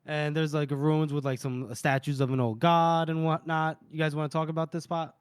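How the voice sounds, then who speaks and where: A man's voice: on the high side, level tone, moderate pace, smooth, no room sound, clean studio sound. A man co-hosting a casual book podcast, retelling a chapter's scenes and briefly voicing the characters' lines as he goes. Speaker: podcast co-host.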